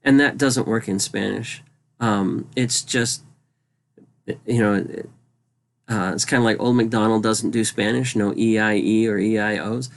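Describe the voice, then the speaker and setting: Relaxed man explaining a grammar lesson. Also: fairly low pitch, measured pace, gravelly, a little hiss or hum. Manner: relaxed, conversational, spells out letters, frequent ums. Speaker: Spanish teacher. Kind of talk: explanatory lesson over slides.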